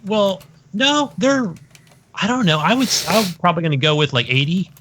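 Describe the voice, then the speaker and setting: Man, podcast co-host, high pitch, very lively intonation, playful banter, faint noise. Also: moderate pace. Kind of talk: casual chat.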